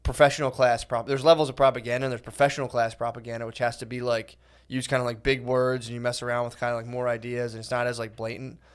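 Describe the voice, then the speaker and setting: A man's voice: medium pitch, little pitch movement, fast, hardly any pauses, clear, resonant tone. A man co-hosting a comedy podcast, rambling in a laid-back way with lots of filler. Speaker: podcast co-host. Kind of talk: casual chat.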